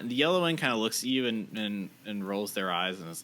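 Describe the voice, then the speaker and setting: Guy running a tabletop game, bright lowish voice, laid back. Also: fast talker, hardly any pauses. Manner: relaxed, filler-heavy narration. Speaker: game master.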